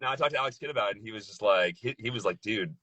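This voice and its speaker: Male voice actor guest: relaxed, chatty, low-pitched, bright dry sound. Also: rapid-fire, dry recording. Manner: laid-back, loose, laughs often, says "dude" and "like". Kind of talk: casual conversation.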